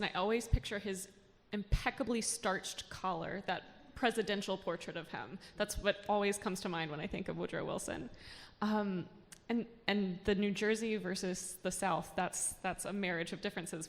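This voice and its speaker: A woman's voice: mid-range voice, fairly even intonation, moderate pace. Woman interviewer in a reverberant hall. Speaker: library event host, interviewer. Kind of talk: interview questions.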